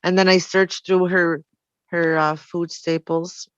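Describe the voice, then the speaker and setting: A woman's voice: on the low side, level tone, slow, clear, resonant tone, no room sound. Woman telling her story, dull recording. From Canada. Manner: frank, rambling, with many "you know" fillers. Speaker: storyteller guest. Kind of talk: personal storytelling.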